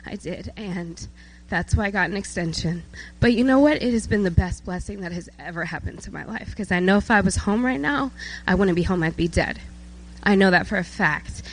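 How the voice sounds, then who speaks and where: A woman's voice: mid-range voice, brisk, low-quality recording. A nineteen-year-old woman from South Georgia giving an emotional personal testimony at a church service, with many fillers. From South Georgia, USA.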